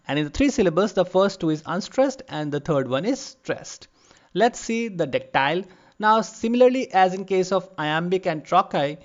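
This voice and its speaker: A man giving an online literature lecture, explaining patiently and repeating terms slowly for emphasis. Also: high-pitched, muffled recording. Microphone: lavalier.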